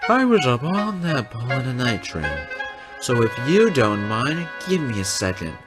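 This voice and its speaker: A cheeky little tank engine with a voice raised above the man's own, lively and bouncing, as a man puts him on. He's a mischievous storybook character. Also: low-pitched, moderate pace, creaky, music in the background, full character voice. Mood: sleepy. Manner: cheeky, playful.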